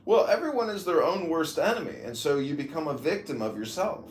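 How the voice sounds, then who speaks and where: A man's voice: a little high, lively intonation, fairly quick, echoey room, slight background noise. A man hosting a casual chat show, teasing and mocking his callers.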